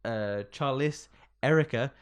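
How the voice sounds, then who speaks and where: A man with a clear, resonant, medium-pitched voice co-hosts a podcast at a measured pace in casual comedic chat. He's giggly, laughs often, and reads out tweets and posts with mock emphasis.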